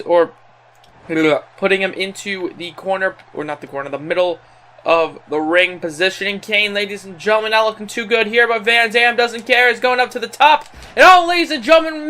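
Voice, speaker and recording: A young man calls a video game wrestling match play-by-play, like a gaming channel host. His voice sits high and bright. He uses an excited announcer style, filling gaps with ums and correcting himself mid-sentence.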